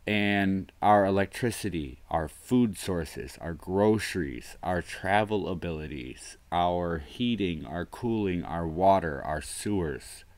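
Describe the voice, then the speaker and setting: A man in his thirties with a very deep voice holds forth alone on a livestream. He rambles from thought to thought and drops into quiet mutters. The sound is dry and close, with no room around it. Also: animated, slow pace, few pauses, dry recording. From US northeast coast. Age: 30s. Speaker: livestream host. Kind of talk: solo livestream talk.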